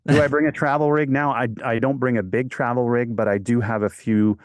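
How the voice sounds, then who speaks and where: A man's voice: medium pitch, steady tone, fairly quick, dry recording. A man from Quebec, a voice actor talking casually as an interview guest and telling stories in a rambling, self-correcting way. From Quebec, Canada.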